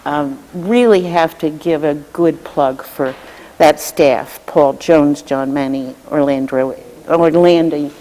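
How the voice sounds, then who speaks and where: A woman legislator and committee chair giving measured, thoughtful answers in a televised interview, often pausing with fillers. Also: low-pitched, mellow. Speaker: state representative and committee chair. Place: state house studio. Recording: reverberant room with long echo.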